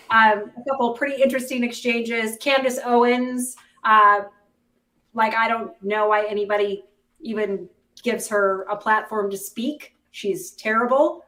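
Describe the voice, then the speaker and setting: A woman's voice: a little high, fairly bright tone, far from the mic. Chatty sarcastic woman, echoey and off mic. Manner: chatty, sarcastic, many fillers. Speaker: host. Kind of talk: casual news commentary.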